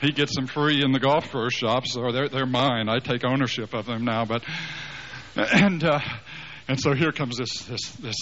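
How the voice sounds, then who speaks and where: A man's voice: medium pitch, moderate pace. Man telling a story in a sermon. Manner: animated, acts out dialogue with many restarts. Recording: slightly muffled with faint hiss.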